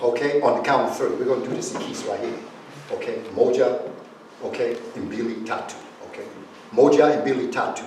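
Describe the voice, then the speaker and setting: A man's voice: medium pitch, fairly quick, darkish tone, a little hiss or hum. A man lecturing a live audience, acting out example phrases and coaxing them to join in. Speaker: guest speaker. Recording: echoey room, far from the mic.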